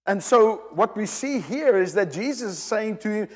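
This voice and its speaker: A man's voice: high-pitched, expressive, moderate pace, long reverb tail. A man preaching a sermon, emphatic and direct with the congregation, often repeating and restarting his phrases.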